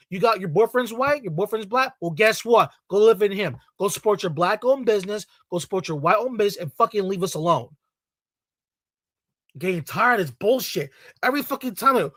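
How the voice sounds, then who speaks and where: A man's voice: high-pitched, animated, fairly quick, fairly bright tone, dry recording, studio quality. A man from Latin America delivering a heated, profane rant to camera as a video commentator, repeating himself and swearing often.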